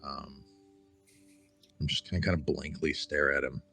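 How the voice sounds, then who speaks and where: Super low voiced guy, deadpan tabletop player, quiet music under it. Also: normal speed, slightly rough. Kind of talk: in-character tabletop play.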